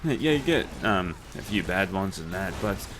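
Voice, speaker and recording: A man's voice: low-pitched, sing-song, normal speed, noisy background. A young man, telling swear-laden stories and laughing as he plays a game. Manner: swears freely, laughs through his stories. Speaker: let's play host. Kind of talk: casual storytelling over gameplay.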